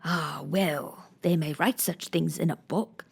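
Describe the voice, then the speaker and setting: A woman's voice: medium pitch, lively intonation. Humpty Dumpty, a pompous egg, put on by a woman. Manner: slow, haughty, lecturing. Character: pompous touchy egg man on a wall.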